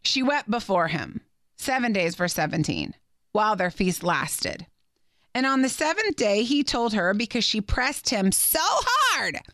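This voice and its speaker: A woman's voice: mid-range voice, a little slow, no room sound, studio quality. A woman hosting a Bible teaching podcast, reading scripture aloud and breaking in with chatty, playful asides. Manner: chatty and animated, with playful asides between verses.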